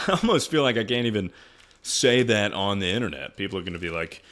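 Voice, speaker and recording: Low-voiced guy in his 20s on stream, swears a lot, voice jumps all over the place. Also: brisk. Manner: animated, profane ranting. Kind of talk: casual livestream commentary.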